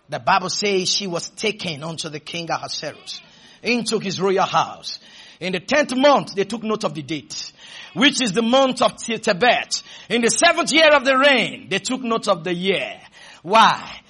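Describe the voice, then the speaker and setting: A man preaching a sermon, shouting dramatic lines and leading the congregation in call-and-response. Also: high-pitched, animated, unhurried, breathy edge, a faint crowd.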